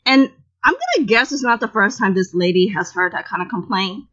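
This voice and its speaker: A woman telling a story in casual chat, lively and loose with her words and quick to act out what people said. Her voice sits in a middle register, and the recording sounds a little dull and lo-fi. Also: mid-range voice. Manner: animated, loose and profane, acts out the dialogue. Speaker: podcast co-host telling a story. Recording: slightly dull lo-fi audio.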